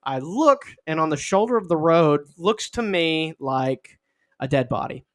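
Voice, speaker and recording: A young man co-hosting a podcast tells a long, rambling story in a fairly high voice. He is jokey and casual, and he acts out other people's lines in a squeaky tone. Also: expressive, measured pace. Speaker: podcast co-host.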